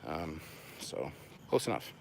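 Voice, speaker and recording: Man, deep voice, out of breath, casual chat, night walk outdoors, faint noise behind. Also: very animated, slow, creaky. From Canada. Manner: chatty, self-deprecating, answers viewer questions. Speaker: channel host. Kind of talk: casual live-stream chat while walking.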